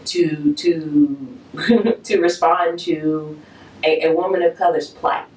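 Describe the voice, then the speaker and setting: A woman co-hosting a casual chat, blunt and animated, swearing freely. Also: on the low side, slow pace. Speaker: podcast co-host. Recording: roomy, mic at a distance.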